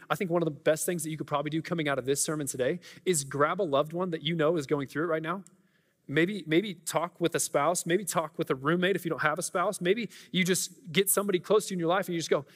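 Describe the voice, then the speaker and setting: A pastor with a fairly high, husky voice preaches fast in a church sanctuary, earnest and conversational, frequently restarting his sentences. The church hall is reverberant.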